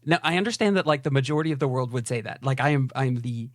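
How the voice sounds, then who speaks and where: This American podcast co-host talks rapid-fire in a mid-range voice during a casual chat, rambling, hedging and putting himself down. The studio sound is clean, with no room sound.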